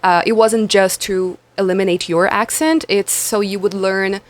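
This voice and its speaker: A woman's voice: mid-range voice, normal speed. Chatty Brazilian woman with light accent. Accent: light Brazilian Portuguese. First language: Portuguese. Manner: chatty, animated, many fillers. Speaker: actress and producer, guest. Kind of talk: casual interview chat.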